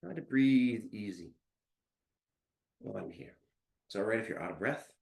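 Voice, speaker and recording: A male fitness instructor leading a live workout class, counting reps aloud and giving calm step-by-step cues while out of breath. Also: lowish voice, moderate pace, creaky, echoey room.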